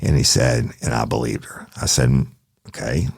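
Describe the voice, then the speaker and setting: A man with an extremely low, gravelly voice tells a true crime story. He talks casually and profanely, speaking straight to his listeners. The sound is dry and close. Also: little pitch movement, moderate pace, no room sound. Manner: profane, colloquial, addresses listeners directly.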